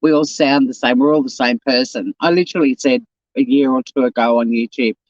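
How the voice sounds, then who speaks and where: A woman's voice: very deep voice, brisk, no echo, lo-fi sound. Chatty sweary Australian woman streaming. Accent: South Australian. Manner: chatty, rambling, sweary and blunt. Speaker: YouTube livestream host. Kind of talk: casual livestream chat, reading comments.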